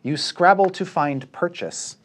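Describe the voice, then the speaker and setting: A man running a tabletop game as dungeon master, narrating scenes vividly and calling for rolls in a steady way. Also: fairly high pitch, a little slow. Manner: descriptive, steady game narration with rules calls.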